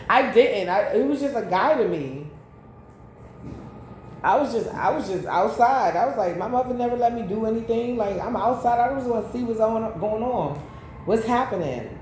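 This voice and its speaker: Her voice is a little high with a darkish tone. She's a tarot reader giving a casual, blunt and profane reading that drifts into chatty personal stories, recorded in a very echoey room with faint background noise.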